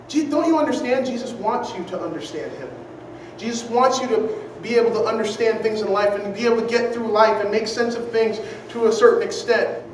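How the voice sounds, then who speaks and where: A preacher delivering a sermon earnestly, repeating key phrases and asking the audience rhetorical questions. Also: medium pitch. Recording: very echoey room, distant mic, faint noise.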